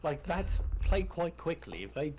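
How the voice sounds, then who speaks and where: A man's voice: on the high side, big pitch swings, a little slow, a little mellow, slight background noise, rough recording. A man chatting casually on a podcast about a TV show, frank and freely swearing. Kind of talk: casual TV discussion chat.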